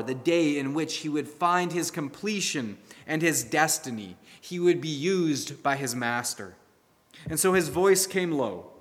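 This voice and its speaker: A man's voice: fairly high pitch, a bit bright. A man preaching a sermon and telling a fable in an earnest storytelling way, with a long hall echo around him.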